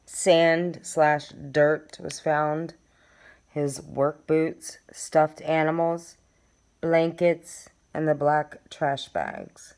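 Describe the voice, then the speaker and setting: A low-pitched woman speaks slowly and casually, addressing her viewers directly as she works through case papers. She turns emphatic and indignant when driving home a point. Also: little pitch movement, darkish tone, clean tone. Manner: chatty, addresses viewers directly, reads documents aloud. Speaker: true crime vlogger. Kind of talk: casual talk to camera.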